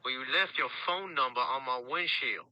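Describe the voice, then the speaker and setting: A man's voice: mid-range voice, normal speed, dry recording, muffled recording, natural voice. A man voicing an angry driver confronting someone who hit his car, with confrontational street slang, played from a prank call app through a speaker.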